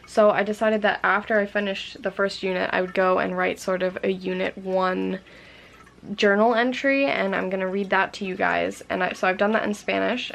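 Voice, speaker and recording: A young woman speaks casually to her vlog audience, reflecting openly on how her studies are going. Her voice sits at an ordinary pitch with a noticeable creak at the ends of phrases, and a faint hiss can be heard under it. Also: a bit bright. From United States. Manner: chatty, candid and self-reflective. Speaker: language-learning vlogger.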